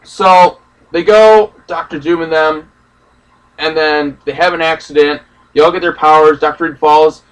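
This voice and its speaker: A man's voice: fairly high pitch, steady tone, a little slow, clean tone, far from the mic, low-quality recording. A young man ranting in a casual, profane, rambling way about a film he just saw. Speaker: movie reaction host. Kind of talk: casual ranting movie discussion.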